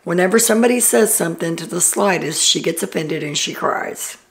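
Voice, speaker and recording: A woman's voice: lowish voice, brisk, gravelly. A woman hosting a casual reality TV recap, chatty and opinionated as she loosely retells the day's events with fillers.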